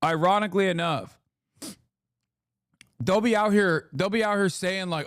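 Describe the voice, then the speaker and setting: A man's voice: fairly high pitch, moderate pace, dry recording, studio quality. A man streaming casual political commentary, ranting in a profane, sarcastic, mocking way. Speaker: streamer host.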